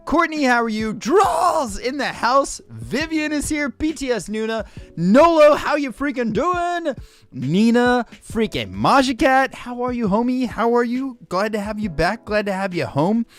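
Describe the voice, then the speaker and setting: A man hosting a livestream in casual chat, excitable and jokey, greeting viewers by name and saying "freaking" constantly. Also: extremely high pitch, a little slow. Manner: excitable, says "freaking" constantly, shouts out names; jokey and hyperbolic. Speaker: livestream host.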